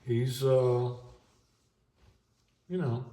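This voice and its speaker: A middle-aged man talking in a halting, emotional way in an unscripted vlog monologue at home. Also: medium pitch, steady tone, mellow, roomy sound. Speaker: vlogger.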